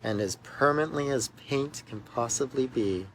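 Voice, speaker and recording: A man's voice: medium pitch, moderate pace, fairly bright tone, slight background noise, poor audio. A man, a minister, telling a personal story in a church video message, recorded outdoors beside a church walkway. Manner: earnest storytelling, emphatic in places.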